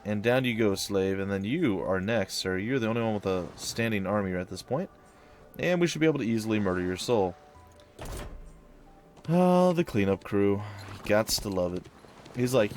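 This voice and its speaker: A man's voice: lowish voice, animated, moderate pace, faint music behind. A young man giving casual, wry commentary over a strategy game as he plays. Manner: wry, sarcastic, puts on silly voices for enemies. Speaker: let's play host.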